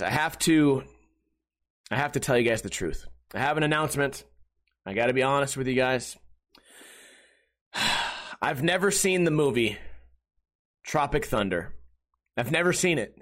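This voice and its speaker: A man with a high, bright voice hosts a solo comedy podcast. He rants in an exasperated, mocking way and hammers the same phrases over and over. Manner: exasperated, mocking, repetitive ranting. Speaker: podcast host.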